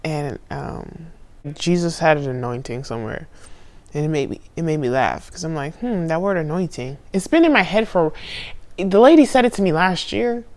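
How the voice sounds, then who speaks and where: A young woman recording a confessional vlog on her phone, candid and profane, drifting from low murmurs to loud outbursts. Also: expressive, moderate pace. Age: young adult. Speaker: spiritual vlogger. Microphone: phone camera.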